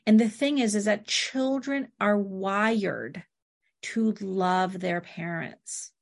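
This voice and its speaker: A woman's voice: mid-range voice, slow pace, creaky. A middle-aged woman, a therapist guest, talking casually in an interview and telling stories with quoted dialogue. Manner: anecdotal, quotes clients and family in dialogue. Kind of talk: conversational interview.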